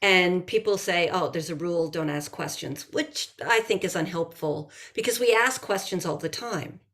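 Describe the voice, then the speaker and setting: A woman's voice: lowish voice, normal speed. Woman reading aloud and explaining improv. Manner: lively, acts out quoted lines. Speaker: improv teacher and author.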